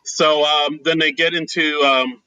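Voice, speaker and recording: A man with a bright, sharp voice recaps a film plot in a relaxed, rambling way, filling pauses with ums and likes. The sound is close and dry. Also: fairly high pitch, smooth, no room sound, low-quality recording. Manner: relaxed, loose recaps with filler words. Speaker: podcast co-host. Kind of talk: casual movie discussion.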